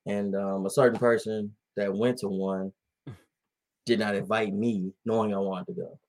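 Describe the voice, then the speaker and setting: A man's voice: lowish voice, moderate pace. Laughing man telling a sports story. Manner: laughing often, animated storytelling. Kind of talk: casual chat.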